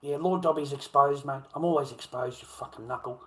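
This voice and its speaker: Speaking a little fast in a medium-pitched, slightly bright voice, a middle-aged Australian man rambles and swears his way through a casual livestream rant, repeating himself often. The recording quality is rough.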